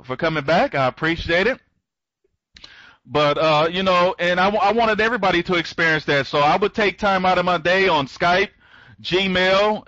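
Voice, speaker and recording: A man giving a live online training talk as a program trainer. He rambles, restarts his sentences, greets listeners by name and speeds up when he gets excited. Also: high voice, no room sound, highs cut off.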